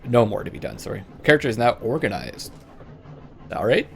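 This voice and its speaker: A man playing a text adventure game, reading its narration aloud and thinking out loud over his choices. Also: medium pitch, animated, vocal fry, slight background noise. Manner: reads narration in a plain measured voice, thinks aloud between choices. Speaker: let's play gamer.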